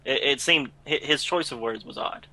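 Bright-voiced man in casual chat. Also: mid-range voice, moderate pace, low-quality recording. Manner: thoughtful, questioning, a few restarts. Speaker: podcast co-host.

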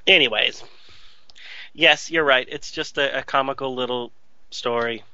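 Man, rambling podcast co-host, bright tone, dull dry recording. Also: medium pitch, unhurried, no echo. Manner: hesitant, rambling, self-deprecating. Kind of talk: casual chat.

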